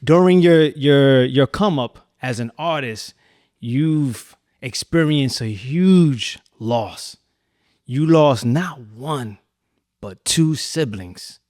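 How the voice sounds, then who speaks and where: A man hosting a podcast, asking questions in a gentle, careful and consoling way. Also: mid-range voice, lively intonation, takes it slowly, no echo, studio quality. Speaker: podcast host. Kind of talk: interview questions.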